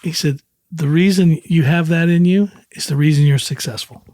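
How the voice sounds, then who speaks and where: Warm-toned and on the high side, this man's voice moves at a moderate pace in a clean studio recording with no echo. He's a country singer in his sixties, a guest casually spinning long, rambling interview stories packed with quoted dialogue and easy chuckles.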